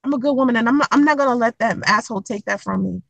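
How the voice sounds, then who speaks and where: A young woman telling a dating story to camera in a blunt, profane, animated way, acting out the quotes. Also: on the high side, rapid-fire, gravelly, no room sound, poor audio. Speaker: vlogger giving dating advice.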